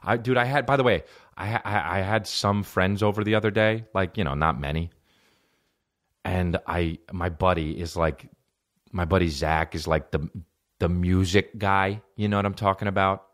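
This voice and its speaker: A man hosting a comedy podcast, telling rambling stories in an animated, profane way and acting out other people's voices. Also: sits low, normal speed. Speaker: podcast host.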